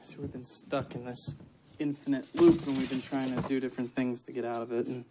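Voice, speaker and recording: An actor as a worn-out sarcastic man, mid-pitched, clear background noise in the film audio. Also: level tone, close to an everyday voice. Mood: resigned. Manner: tired, dry and exasperated, quick sarcastic retorts. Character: weary, exasperated man reliving a time loop. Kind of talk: film dialogue.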